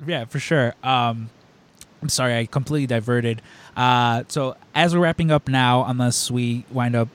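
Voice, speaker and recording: A man's voice: medium pitch, normal speed, smooth. A man hosting a podcast, talking casually and rambling with lots of filler words as he tells a story. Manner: animated storyteller. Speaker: podcast host. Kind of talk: casual chat.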